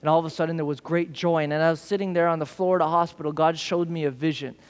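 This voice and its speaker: A man's voice: fairly high pitch, steady tone, fast talker. A man preaching a sermon, telling stories and acting out the voices of the people in them. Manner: storytelling, acts out quoted voices. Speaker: pastor. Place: church service hall. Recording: church hall reverb.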